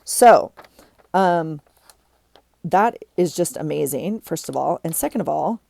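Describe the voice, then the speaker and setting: A woman's voice: low-pitched, animated, slow pace, gravelly, dark tone. A woman vlogger chatting casually while she tidies her desk, rambling with many ums and restarts.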